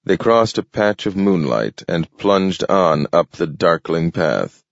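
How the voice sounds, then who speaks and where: A man narrating a story with measured, steady delivery. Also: low-pitched, gravelly, no room sound. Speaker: audiobook narrator. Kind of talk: scripted narration. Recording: dull lo-fi dry recording.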